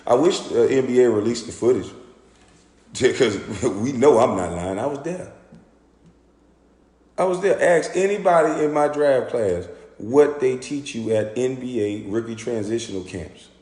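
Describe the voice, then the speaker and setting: A former pro basketball player telling a story in an animated, profane, indignant rant. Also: male voice, mid-range voice, moderate pace. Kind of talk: ranting storytelling monologue. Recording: echoey room with long reverb.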